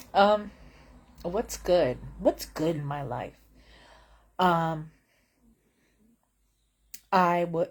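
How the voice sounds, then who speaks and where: A woman's voice: lowish voice, a little mellow. A woman vlogging from bed at home in casual chat, wry and blunt, rambling with lots of fillers.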